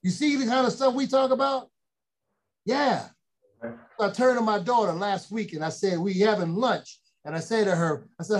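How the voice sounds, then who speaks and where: High-voiced man telling family stories. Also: expressive, a little fast. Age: middle-aged. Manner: folksy storytelling, quoting family members, rising to emphatic preaching. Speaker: speaker. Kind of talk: motivational storytelling talk.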